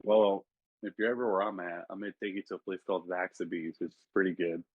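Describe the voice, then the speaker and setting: Husky low-voiced man on a dull mic. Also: fairly even intonation, fast talker, no room sound. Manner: storytelling, acts out quotes. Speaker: co-host. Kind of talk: casual chat.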